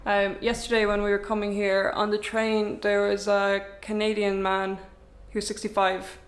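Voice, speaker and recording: A woman's voice: mid-range voice, completely flat delivery, moderate pace. A young woman, a travel vlogger chatting casually to camera in a rented apartment, rambling and wry.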